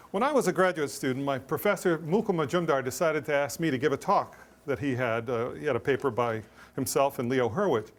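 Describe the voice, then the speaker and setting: Joking middle-aged male lecturer, slightly high. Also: a little hiss or hum. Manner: joking, self-deprecating, brisk. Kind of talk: academic lecture with jokes and anecdotes.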